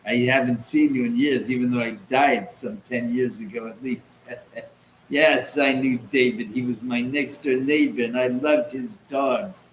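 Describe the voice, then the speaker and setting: A man doing a quick impression of the chummy, laughing ghost of an older male TV game-show host, recorded with a roomy echo. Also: mid-range voice, fairly even intonation, lightly acted. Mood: jovial. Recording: roomy echo, faint background noise.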